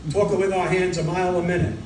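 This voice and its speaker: A middle-aged stand-up comic from Brooklyn with a New York Italian accent, firing off quick one-liners with deadpan punchlines. His voice sits high for a man, and it reaches the mic from across a roomy club with a faint murmur of the room behind it. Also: a little hiss or hum. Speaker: stand-up comedian. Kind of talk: stand-up comedy set. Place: comedy club stage. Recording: roomy club sound from a distance.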